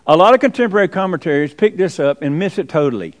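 Man, preacher, sermon, emphatic, rhetorical, swooping pitch. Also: animated, fast talker. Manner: emphatic, rhetorical questions, sudden drops to quiet.

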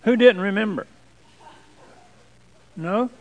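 A man's voice: sits high, slow, dull audio. A man, a pastor giving a folksy, joking sermon to his congregation in church. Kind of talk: sermon with jokes.

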